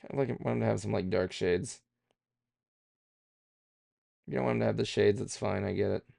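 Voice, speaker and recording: A man with a deep, very gravelly voice chats casually as he draws on a stream. He rambles and puts himself down, thinking aloud with lots of fillers. The sound is dry and close. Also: brisk, mellow, dry recording. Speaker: streamer drawing live. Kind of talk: casual streaming chat while drawing.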